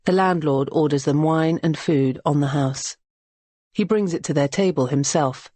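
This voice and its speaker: A woman narrates a novel in a measured, even manner with a notably low voice. The recording is close and dry, with no room sound. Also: no echo. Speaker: audiobook narrator. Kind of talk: scripted narration.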